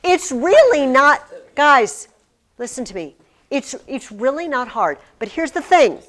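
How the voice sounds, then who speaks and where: Woman teacher in a classroom, kinda high voice, goes way up and down, emphatic, restarts words a lot. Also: very animated, measured pace, a bit bright. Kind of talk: classroom lesson. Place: classroom with curtains on the walls. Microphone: recording device in the classroom.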